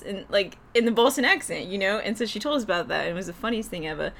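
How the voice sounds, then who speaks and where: A young woman hosting a relaxed podcast chat, laughing often and filling pauses with "like". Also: lowish voice. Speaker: podcast host. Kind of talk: casual chat.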